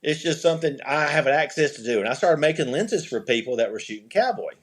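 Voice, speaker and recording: A man's voice: on the high side, lively intonation, fast talker. Chatty middle-aged man telling a story. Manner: rambling, restarts sentences, acts out quoted dialogue. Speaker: podcast guest, eyewear company owner. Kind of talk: casual storytelling interview.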